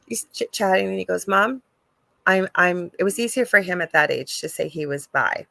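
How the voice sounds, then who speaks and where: A middle-aged woman with a strongly gravelly, fry-heavy voice chats as a podcast guest. She tells stories in a lively, talkative flow, her voice sitting a little low and sounding dry, with no room around it. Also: a little fast, no room sound. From Canada. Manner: chatty, storytelling, animated. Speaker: psychic medium guest. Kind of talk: casual podcast chat.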